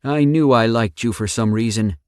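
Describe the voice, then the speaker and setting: A man's voice: medium pitch, moderate pace, clear, resonant tone, no room sound, clean studio sound, pitched above the performer's own voice, close to an everyday voice. A man doing a hearty country man. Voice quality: drawling country talk. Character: big folksy rural man, warm and hearty. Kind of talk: audiobook character voice.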